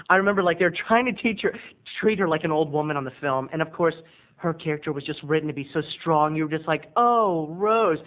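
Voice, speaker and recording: Campy sarcastic guy ranting to his webcam, kinda high voice, tinny phone-ish sound. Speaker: video blogger. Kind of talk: comic rant to camera.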